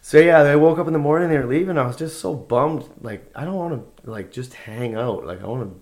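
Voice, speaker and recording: A man's voice: fairly high pitch, fairly quick, a little mellow. A man, a guest musician, telling anecdotes in a casual conversation, rambling and laid-back with lots of fillers and restarts.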